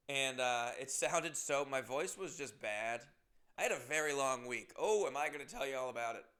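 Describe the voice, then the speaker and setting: Smooth-voiced man hosting a joking podcast. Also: mid-range voice, fairly bright tone. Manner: playful, rambling, self-mocking. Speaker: podcast host. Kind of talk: casual comedic monologue.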